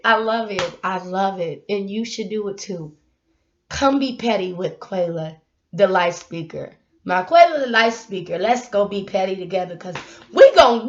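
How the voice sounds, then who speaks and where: A young woman talks straight to her camera in a casual, motivational vlog. She is animated and often laughs, now and then breaking into sudden loud bursts. Her voice sits a bit high, and the recording sounds dull and lo-fi. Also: a little hiss or hum. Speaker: YouTube vlogger.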